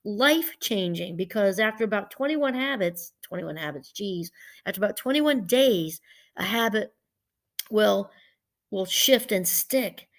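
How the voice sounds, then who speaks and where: A woman's voice: medium pitch, expressive, measured pace. A woman professor giving a casual, chatty talk. She wanders off topic, restarts her sentences often and laughs easily. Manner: chatty and digressive, with frequent restarts. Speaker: professor and podcast host. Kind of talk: casual teaching monologue.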